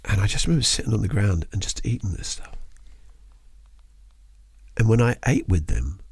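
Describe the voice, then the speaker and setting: A middle-aged man hosting a casual interview, telling lively stories, swearing casually and acting out the people in them. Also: on the low side, moderate pace, creaky, breathy edge, dry recording. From England. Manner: animated storyteller, swears casually, acts out quoted voices. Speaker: podcast host.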